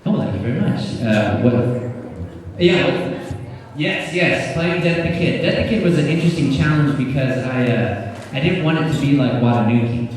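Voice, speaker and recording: A man's voice: mid-range voice, expressive, moderate pace, darkish tone. A male voice actor chatting and joking while answering audience questions at a convention panel, slipping into character voices. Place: large convention hall. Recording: echoey hall, taped from far off.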